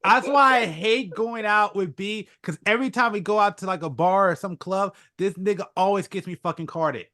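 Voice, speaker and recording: A man's voice: high-pitched, normal speed, few pauses, pushed and bright, no echo, studio quality. A podcast co-host chatting casually and teasing his friends bluntly. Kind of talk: casual chat.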